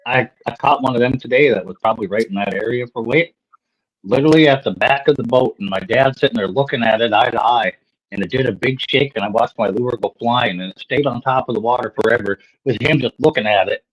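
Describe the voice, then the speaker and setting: A man's voice: mid-range voice, quick pace, husky, lo-fi sound. A man from North Dakota, laid-back and joking, swearing now and then while telling fishing stories in a casual chat. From North Dakota, USA. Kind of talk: casual chat on a live stream.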